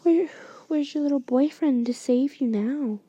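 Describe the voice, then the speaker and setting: A woman's voice: sits high, a little slow, warm tone, dry recording, muffled recording. A woman whispering as a sneering teenage girl bully. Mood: taunting. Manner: taunting, sneering.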